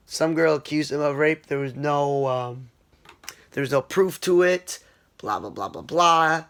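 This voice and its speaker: A man's voice: mid-range voice, fairly bright tone. A man giving casual, rambling movie reviews, talking offhand with plenty of fillers and restarts.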